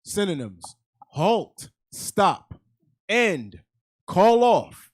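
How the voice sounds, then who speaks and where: A man reading scripture and dictionary entries aloud to a class, slowly and word by word. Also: high-pitched, big pitch swings.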